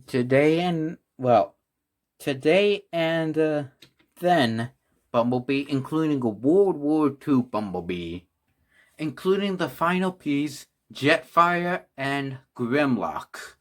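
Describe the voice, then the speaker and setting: In this laid-back toy review vlog, a man with a fairly high, animated voice speaks at a slow pace. His delivery is rambling and full of restarts, and he's breathless, often sighing.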